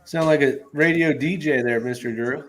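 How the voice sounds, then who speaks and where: A man's voice: on the high side, moderate pace, poor audio. Upbeat man hosting a live stream. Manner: friendly, reads chat comments aloud, welcomes callers.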